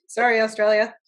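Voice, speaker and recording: A woman's voice: fairly high pitch, fairly bright tone. A young woman co-hosting a podcast in casual chat, chatty with frequent laughs and fillers. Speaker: podcast co-host.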